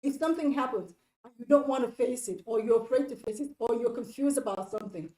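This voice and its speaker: A woman's voice: a little high, fast, mellow, reverberant, rough recording. Earnest woman giving relationship advice. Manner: earnest, repetitive, speaks directly to the viewer. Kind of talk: casual advice talk.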